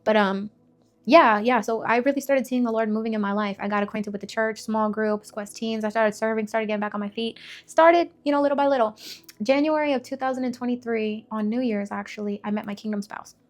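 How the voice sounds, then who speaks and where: A woman's voice: fairly high pitch, steady tone, fairly quick. A young woman telling her faith testimony in a candid, conversational way, blunt and full of filler words.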